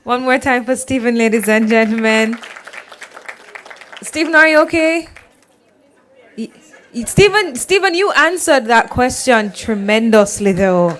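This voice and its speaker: A woman's voice: on the high side, measured pace, pauses often, a bit bright, some chatter behind. A woman emceeing a live forum, upbeat and encouraging as she rallies the audience and introduces speakers. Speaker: event emcee.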